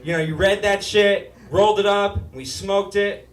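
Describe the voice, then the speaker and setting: Nasal high-voiced man doing stand-up. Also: normal speed. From Utah. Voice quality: nasal, whiny. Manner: brash, profane, self-mocking delivery. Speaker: stand-up comedian. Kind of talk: stand-up comedy set. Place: comedy club stage before a live audience. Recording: echoey room, distant mic, audience laughter.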